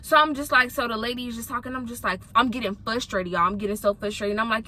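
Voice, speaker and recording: A young woman from Houston, telling a travel story to her vlog viewers in a casual, animated way and acting out what people said. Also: fairly high pitch, quick pace. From Houston, Texas. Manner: animated, acts out other people's lines in quoted voices. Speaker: vlogger.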